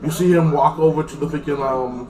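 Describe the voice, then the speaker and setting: A man's voice: on the high side, fairly even intonation, a little fast, a crowd in the background. A man casually recapping a TV episode, rambling with lots of fillers and acting out lines in quotes. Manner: rambling, filler-heavy, retells scenes in quotes. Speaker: TV episode reviewer. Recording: echoey room, mic at a distance.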